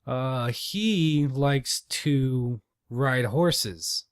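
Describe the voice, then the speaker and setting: A man's voice: medium pitch, extremely slow, clean tone, no echo, studio quality, voice pushed up. A man voicing a chatty old man at the store who rambles through small talk.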